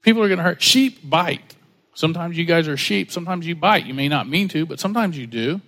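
A man preaching a sermon in a relaxed, joking storytelling way, slipping into other people's voices as he tells a story. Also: a little high, fairly quick. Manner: conversational, jokey, acts out quoted voices. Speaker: pastor.

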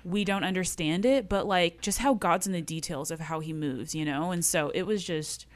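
A woman tells a story in casual chat, talking quickly and using a lot of "like". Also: on the low side. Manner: quick, filler-heavy talk with lots of "like".

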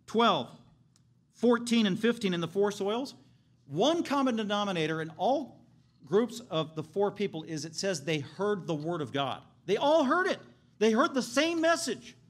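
Male pastor, sermon delivery, emphatic, slightly high pitch. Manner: emphatic preaching, shouts for emphasis.

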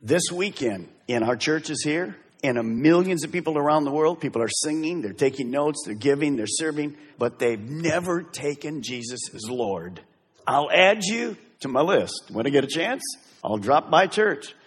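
Middle-aged male pastor, lively dramatic preaching, husky tone, church hall echo. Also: fairly high pitch, normal speed. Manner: emphatic, swings from loud exhortation to hushed intensity. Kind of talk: sermon. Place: church sanctuary.

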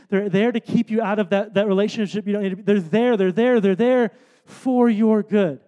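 A man with a high, light voice preaches a sermon from the stage. He tells a story in a relaxed way, drops to quiet asides, then builds to loud emphatic points. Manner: storytelling, shifts between soft asides and loud emphatic bursts. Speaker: pastor. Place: stage before a congregation.

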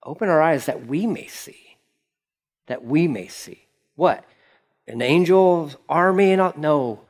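A man's voice: fairly high pitch, lively intonation, unhurried. Casual, conversational male pastor preaching. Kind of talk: sermon.

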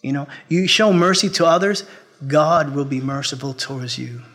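A male pastor preaching a sermon, earnest, moving between raised appeals and quiet storytelling. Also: fairly high pitch, moderate pace. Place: church.

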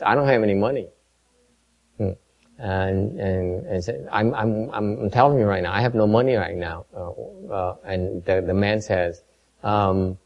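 Halting man giving a dharma talk. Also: on the low side, dark tone. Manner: halting, repeats words, switches between two languages. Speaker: Buddhist teacher. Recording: dull lo-fi recording.

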